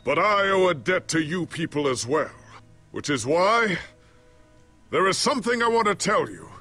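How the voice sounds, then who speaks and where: Old warrior hero in a game, kinda husky, lively pitch, earnest and solemn. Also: male voice, normal speed, soft background music, exaggerated voice. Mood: proud, earnest. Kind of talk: video game voice acting.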